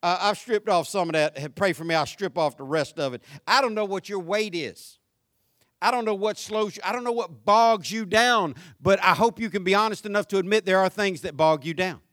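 A man preaching a sermon as pastor, folksy and joking, swinging from shouts down to quiet, low talk. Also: fairly quick, dry recording, studio quality. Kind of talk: conversational sermon.

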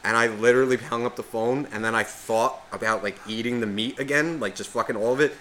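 A man's voice: medium pitch, a little fast, slight background noise, low-quality recording. A man telling a story on a podcast, swearing constantly and acting out the voices of the people in it. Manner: swears constantly, animated retelling with quoted voices. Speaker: podcast co-host. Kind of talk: casual storytelling chat.

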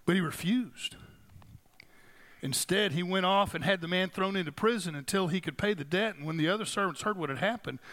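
A man pastor preaching a sermon in a conversational, emphatic way, slowing down to stress key phrases. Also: high-pitched, pushed and bright.

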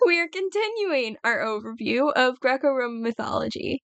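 High bubbly woman cohosting a podcast, gets worked up and swears a lot, dry close mic. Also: normal speed, no echo. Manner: excitable, exclamatory, swears freely. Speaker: podcast co-host. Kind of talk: casual chat.

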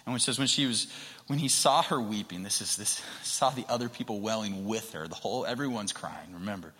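A male pastor delivers a sermon in a bright, forceful voice. He swings from quiet, whispered tenderness to passionate emphasis. His words carry a long reverb from a large church hall. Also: fairly low pitch, fairly quick. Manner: earnest, builds to emphatic passion, drops to soft whispers.

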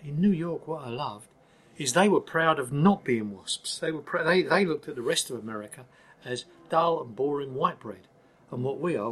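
Husky older Cockney man, blunt. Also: a little high. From East London, England. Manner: emphatic, blunt, frequent restarts. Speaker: guest. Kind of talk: candid interview talk.

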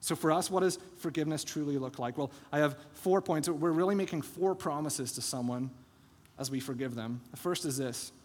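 A pastor preaching in a reverberant hall. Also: male voice, on the high side, fairly quick. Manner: animated storytelling with acted-out quotes. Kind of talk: sermon. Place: church sanctuary. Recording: long church hall reverb.

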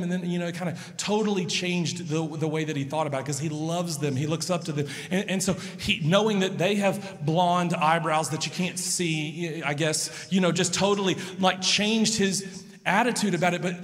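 A man in his thirties preaching in a sanctuary, with a fairly high voice. He tells stories and swings from hushed lines to loud ones. His words ring out with a long hall reverb. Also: moderate pace. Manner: storytelling, swings between soft and loud emphasis. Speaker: pastor. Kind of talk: sermon.

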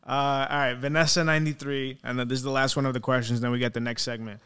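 A young man co-hosts a laid-back podcast chat, reading listener comments aloud and joking along. His voice is smooth and clear, and his pitch sits in the middle. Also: little pitch movement, fast talker, sharp tone. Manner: reads out listener comments, jokey. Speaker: podcast co-host. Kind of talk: casual chat.

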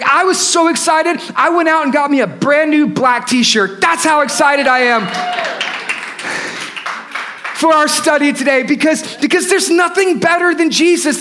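A man gives a sermon in his church, his voice sitting unusually high for a man. He preaches with fired-up emphasis, pushing into shouted peaks and dropping into playful asides as he works through the text. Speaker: pastor. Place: church sanctuary.

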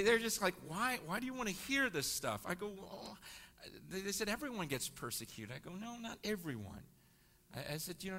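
A man shares a story as part of a sermon, his tone bright and forceful. He is animated and keeps restarting his sentences. The long reverb of a large hall hangs on every phrase. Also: sits high. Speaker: guest speaker.

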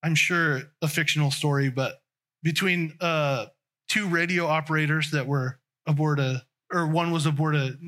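Bright-voiced male preacher. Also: a little high. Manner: conversational, with restarts and trailing phrases. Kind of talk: sermon.

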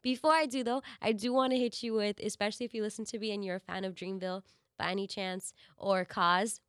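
A woman's voice: mid-range voice, level tone, quick pace, a bit bright, clear, resonant tone, no echo. Woman host, congested and nasal from a cold, candid casual delivery, dry studio sound. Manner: candid, profane, chatty. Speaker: podcast host and radio DJ. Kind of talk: casual solo podcast talk.

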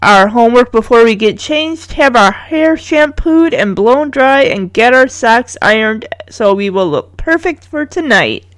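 A woman voicing a bossy know-it-all young schoolgirl in a cartoon retelling, shrill and insistent. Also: expressive, measured pace, few pauses, dry recording. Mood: prim.

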